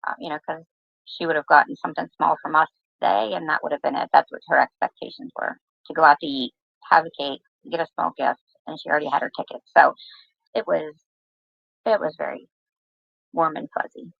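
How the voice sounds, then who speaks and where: A gravelly woman with a fairly low voice hosts a casual livestream chat, teasing and talking straight to her viewers. The audio is dry and dull, like lo-fi stream sound. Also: steady tone, a little fast, no room sound. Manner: chatty and teasing, talks to chat. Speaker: livestream host.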